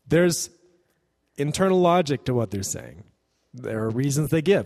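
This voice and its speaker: Animated male pastor preaching in a reverberant hall. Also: mid-range voice, moderate pace. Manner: animated, acts out quoted voices. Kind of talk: sermon.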